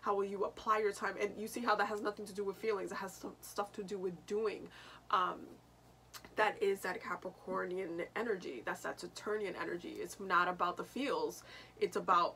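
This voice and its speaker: A woman's voice: mid-range voice, steady tone, moderate pace, pushed and bright, slight background noise. A young woman hosting a casual astrology talk, chatty, laughing often and restarting her sentences. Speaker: astrology channel host.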